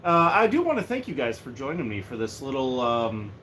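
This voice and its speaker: This man's mid-range voice moves briskly as he livestreams from home, joking around and drifting from subject to subject. His manner is lively and rambling, and a faint heater hum sits behind him.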